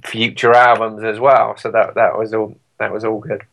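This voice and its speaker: A man's voice: lowish voice, level tone, normal speed, gravelly, a bit bright, low-quality recording. A man with a British accent, a musician chatting in an interview in a rambling, self-deprecating way with lots of fillers. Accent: British English. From Britain. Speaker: guest musician. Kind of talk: casual interview chat.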